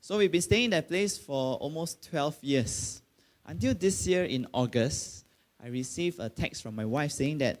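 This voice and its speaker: A man's voice: fairly high pitch, expressive, measured pace. A middle-aged man with a Malaysian English accent, preaching a sermon in a conversational way, with many fillers and sudden emphatic bursts. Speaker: pastor.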